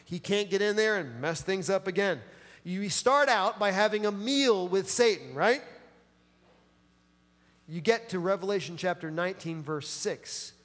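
A man's voice: high-pitched, animated, measured pace, a bit bright, in a large hall. A man preaching a sermon in a casual, enthusiastic, slangy way. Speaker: pastor.

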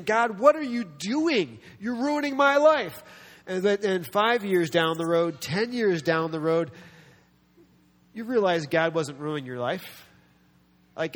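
A man preaching a sermon with a slightly raised pitch, animated and quick to act out the people he quotes. His voice carries a long reverb from a large hall. He mixes in self-deprecating humor. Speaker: pastor.

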